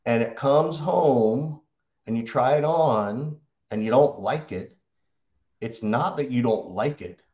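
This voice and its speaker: A man who works as a sales coach, answering interview questions and acting out what clients say in lively stories. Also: medium pitch, slow, highs cut off. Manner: animated storytelling, acts out client quotes.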